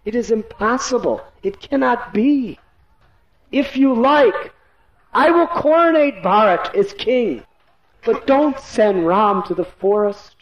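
A man's voice: animated, slow, reverberant, highs cut off, full character voice. A man doing a desperate, grief-struck old king. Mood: pleading. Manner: pleading, voice rising high in distress. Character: anguished old king, grief-stricken, begging.

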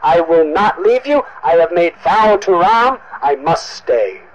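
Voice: medium pitch, sing-song, a little slow, dull audio, over a noisy crowd, pitched below the performer's own voice. A storyteller voicing a loyal younger brother who speaks firmly and reassuringly. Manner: firm, reassuring, dutiful.

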